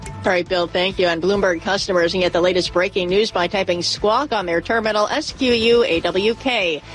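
A woman's voice: mid-range voice, steady tone, moderate pace, soft background music. A woman hosting a morning business radio show, chatty and lightly amused as she reads stories. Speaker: radio news host.

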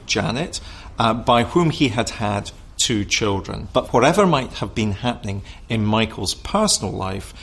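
Gravelly-voiced man giving expert analysis. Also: fairly low pitch, a bit bright. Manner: analytical, measured, thinks aloud. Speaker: expert interviewee. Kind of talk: documentary interview.

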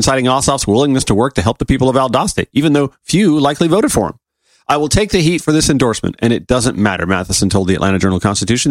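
A man's voice: mid-range voice, no room sound. A man hosting a political talk radio show, reading news quotes and adding his own commentary with rhetorical questions. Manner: animated, asks rhetorical questions.

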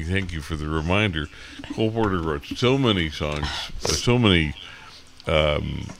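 In a radio studio with background noise, a middle-aged man with a low voice hosts a morning show. He is stuffy and sniffling from a cold and rambles with many fillers.

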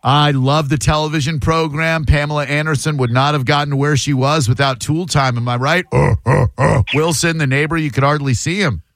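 A man's voice: a little high, fairly even intonation, brisk, few pauses, a bit bright, no room sound, clean studio sound. A man hosting a podcast, chatting casually and joking sarcastically. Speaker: podcast host. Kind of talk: casual chat.

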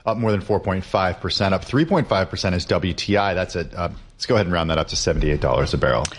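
A man co-hosting a live market radio show, reading commodity prices in a quick, offhand way. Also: low-pitched, expressive, slight background noise. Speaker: radio co-host.

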